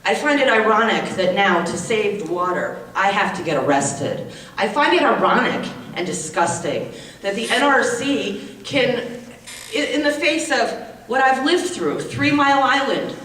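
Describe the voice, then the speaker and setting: Impassioned woman at a public hearing, booming hall reverb with faint noise behind. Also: lively intonation, measured pace, fairly bright tone. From United States. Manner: indignant, repetitive, emotional. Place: large public meeting hall. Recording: echoey hall, distant mic, faint noise.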